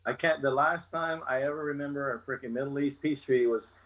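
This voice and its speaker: This is casual podcast chat with a guest in his fifties, a retired Army chief warrant officer, who launches into a blunt, fired-up rant laced with constant swearing. His voice sits at medium pitch, brisk and a little bright, and the audio quality is poor.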